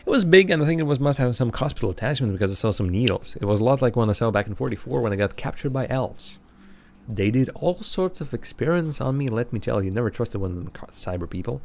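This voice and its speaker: A man's voice: mid-range voice, expressive, quick pace, a little hiss or hum, natural voice. A man voicing a grizzled, suspicious old homeless man with a put-on Scottish accent. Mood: rambling. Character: grizzled old male homeless street vet.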